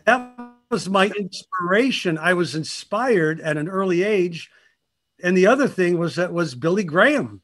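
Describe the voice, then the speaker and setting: An older man, a guest on a talk show, telling stories in a lively, animated way and laughing often. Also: sits high, a little slow, slightly rough, faint music behind. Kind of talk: casual interview chat.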